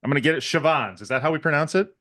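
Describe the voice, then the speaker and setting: A man's voice: on the high side, very fast, bright, forceful tone. A male podcast co-host with a Wisconsin accent, chatting casually and teasing his guest, often laughing.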